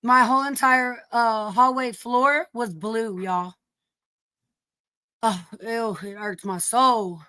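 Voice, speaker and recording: A woman's voice: a little high, steady tone, slow pace, sharp tone, dry recording. Chatty woman live-streaming from home. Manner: chatty, greets viewers, mild cursing. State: sniffly from allergies. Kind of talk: casual live-stream chat.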